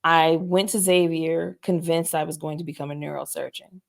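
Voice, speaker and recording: A woman's voice: sits low, steady tone, moderate pace, creaky. A woman guest on a podcast, candidly telling her own story in a reflective, hesitant way with many fillers and restarts.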